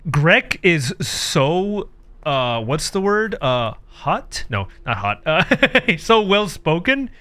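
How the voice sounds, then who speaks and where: A man's voice: a little high, sing-song, slow, bright, forceful tone, smooth. A man doing comedic commentary while playing a horror game, joking, sarcastic, laughing often and reading the game's text aloud. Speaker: gaming streamer.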